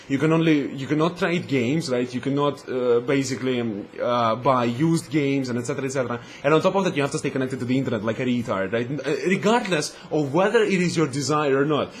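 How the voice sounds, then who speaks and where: A man's voice: medium pitch, brisk, a little hiss or hum. A man hosting a gaming vlog, ranting with profanity and heavy sarcasm in a rambling, casual way. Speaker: gaming video host.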